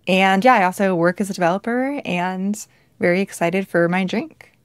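A woman's voice: mid-range voice, moderate pace, clean tone, dry recording, studio quality. A woman speaking as a guest on a casual podcast, bubbly and playful. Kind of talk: casual chat.

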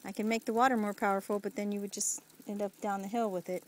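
A mother films her little one outdoors in the backyard, chatting in a playful, doting, coaxing way and laughing a lot. Her medium-pitched voice is fast with little pitch variation, and the audio is poor with a bit of hiss or hum.

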